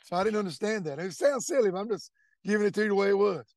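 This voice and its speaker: A man's voice: high voice, rapid-fire, dry recording. A middle-aged man, earnestly telling his faith testimony and repeating words as he goes. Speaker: testimony speaker. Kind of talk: personal testimony storytelling.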